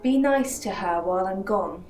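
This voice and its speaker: A woman playing a deadpan godmother. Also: medium pitch, moderate pace, natural voice. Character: brisk woman, godmother with dark humor. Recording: echoey, a bit distant. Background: faint game music.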